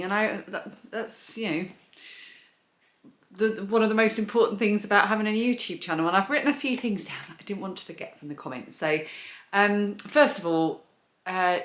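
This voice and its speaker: A woman's voice: medium pitch, fairly bright tone. A British woman chatting casually in a crafting vlog at home, rambling and hesitant with many fillers and restarts. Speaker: crafting YouTuber. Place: home, indoors. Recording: echoey room.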